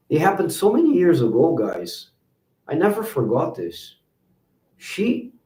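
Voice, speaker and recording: A man, hosting and telling stories in a casual, animated way, jumping higher when he quotes people. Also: slight background noise. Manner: animated, acts out quoted voices in higher pitch. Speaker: host. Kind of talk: casual storytelling to viewers. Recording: roomy, from a distance.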